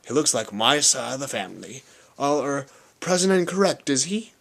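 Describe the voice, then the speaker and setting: A man's voice: mid-range voice, big pitch swings, moderate pace, gravelly, a bit bright, exaggerated voice. A man voicing a mild, doubtful, ordinary middle-aged husband in an audiobook reading. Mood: mild puzzlement.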